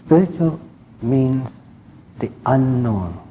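Dark-voiced man giving a spiritual talk. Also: expressive, slow, slight background noise, rough recording. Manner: rambling, tags lines with "eh?"; drops to soft, low emphasis on key words. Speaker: spiritual teacher.

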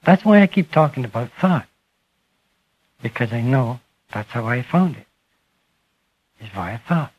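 A man giving a spiritual talk to a live audience, speaking slowly and emphatically and letting his phrases fall away softly. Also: mid-range voice, expressive, husky, muffled recording. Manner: slow, emphatic, trailing off softly at phrase ends. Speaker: speaker addressing a group.

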